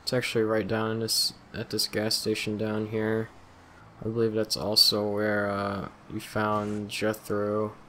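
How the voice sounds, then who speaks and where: A man with a fairly low voice talks over his gameplay in a loose, rambling way, owning his mistakes and dropping curses. He sounds a bit sleepy. A faint hiss sits under the desk mic. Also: monotone, a little slow, a bit bright. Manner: rambling, self-deprecating, swears casually. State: yawning, tired. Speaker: gameplay commentator. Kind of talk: casual let's play commentary.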